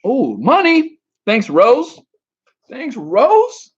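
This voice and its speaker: A man's voice: on the high side, expressive, moderate pace, dull audio, faint music behind. A man giving dating advice on a casual live stream, answering chat with rambling, crude jokes and frequent restarts.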